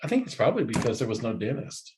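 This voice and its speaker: A man's voice: mid-range voice, huge pitch swings, quick pace. A middle-aged man, hosting a casual chat, joking and laughing as he tells silly facts. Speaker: podcast host. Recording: faint background noise.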